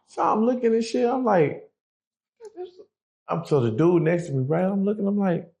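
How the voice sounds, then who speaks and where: A man telling a story as a podcast guest, animated and swearing freely, acting out what people said. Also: a little high, normal speed, gravelly. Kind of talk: casual storytelling.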